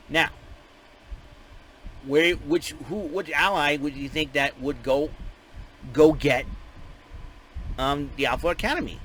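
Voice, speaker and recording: A man giving a casual, rambling spoken recap, excitable and full of restarts and fillers. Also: a little high, a little hiss or hum, rough recording. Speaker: show recapper.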